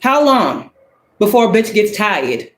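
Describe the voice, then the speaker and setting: A woman's voice: mid-range voice, big pitch swings, measured pace. A woman delivers a tarot reading monologue in a blunt, profane, preaching manner. She keeps throwing rhetorical questions at the listener. Her voice sits in a middle range and rings with the echo of a bare room. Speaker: spiritual reader.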